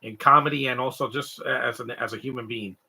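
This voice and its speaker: A young adult man from Canada, co-hosting a live stream in rambling, animated comedic chat. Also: medium pitch, quick pace, creaky, breathy edge. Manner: rambling, animated, mimics stutters and sobbing noises.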